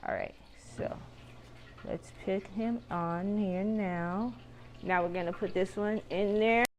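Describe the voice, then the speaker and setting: A woman's voice: medium pitch, fairly even intonation, takes it slowly, a little mellow, slight background noise. A woman hosting her own cooking vlog, chatting to viewers as she fries and tastes food. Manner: chatty, talks to viewers while frying and tasting. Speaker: cooking show host.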